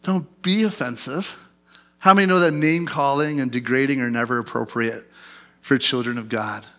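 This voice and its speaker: A man's voice: medium pitch, normal speed, a bit bright. A man in his thirties, a pastor preaching a sermon in a conversational storytelling way, often asking the congregation questions.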